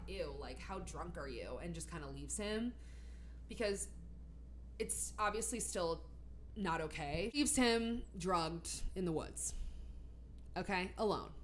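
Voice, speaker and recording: A woman recaps a novel for her channel in a relaxed, conversational way. Her voice sits a bit low, and she peppers the story with fillers and sarcastic side comments. Faint background noise hums under her voice. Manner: chatty, many fillers, sarcastic asides. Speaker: book reviewer. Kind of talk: casual book recap.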